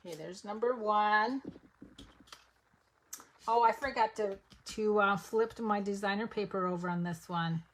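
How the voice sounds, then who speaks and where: A woman's voice: mid-range voice, a little slow, pauses often. A woman giving a live papercraft demonstration, chatting to viewers step by step as she works. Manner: chatty, step-by-step, talks to viewers while working. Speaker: papercraft instructor.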